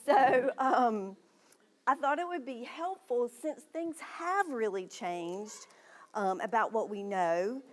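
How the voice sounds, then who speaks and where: A woman's voice: a little high, expressive, slow pace. A woman giving an early literacy presentation to parents in a library meeting room. She explains patiently and models letter sounds aloud.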